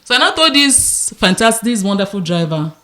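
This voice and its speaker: A woman's voice: mid-range voice, brisk. A woman with a Nigerian accent, co-hosting a podcast, telling stories casually and acting out the voices she quotes. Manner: expressive, acts out quotes. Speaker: podcast co-host. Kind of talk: casual storytelling chat.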